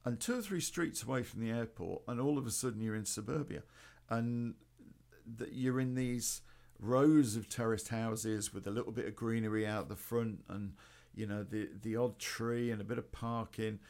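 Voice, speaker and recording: A man's voice: medium pitch, moderate pace, creaky, a little mellow. A man telling a rambling personal story in a casual, sweary way, full of ums and restarts. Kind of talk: casual spoken anecdote.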